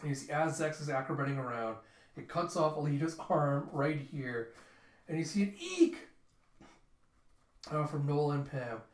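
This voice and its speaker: A man hosting a casual comic readthrough, animatedly reading out character lines with shouts and sound effects. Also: fairly high pitch, moderate pace, reverberant.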